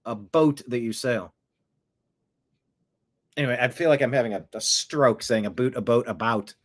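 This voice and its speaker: A man hosting casual political commentary, animated and jokey, reading out viewer comments. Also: mid-range voice, normal speed. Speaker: commentary host.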